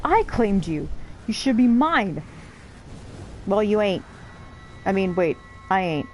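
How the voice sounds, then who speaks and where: A woman streamer giving casual gameplay commentary, playful, profane and quick to laugh. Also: mid-range voice, big pitch swings, darkish tone, slight background noise, low-quality recording.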